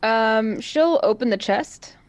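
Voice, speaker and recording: A woman's voice: on the high side, expressive, slow pace, no room sound. Woman playing d&d, just says what her character does, dry close sound. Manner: matter-of-fact, describing her character. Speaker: player. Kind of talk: casual tabletop play.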